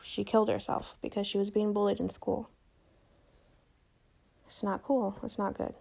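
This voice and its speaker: A woman's voice: medium pitch, level tone, moderate pace, creaky, warm tone, breathy edge. A young woman hosting a solo podcast, talking casually, joking and correcting herself as she goes. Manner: chatty, self-correcting, joking. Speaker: podcast host.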